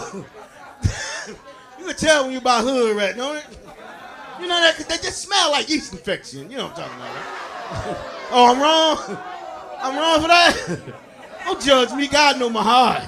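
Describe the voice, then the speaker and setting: On stage doing stand-up, a man with an extremely high, very animated voice addresses the audience boisterously, laughing through his lines and shouting punchlines. He's unhurried, leaving long pauses, and crowd noise can be heard.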